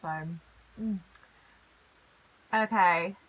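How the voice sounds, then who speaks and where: A British woman from the UK chatting in a casual vlog, animated and quick to laugh. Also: mid-range voice, dull audio. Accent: British English. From United Kingdom. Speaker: YouTuber.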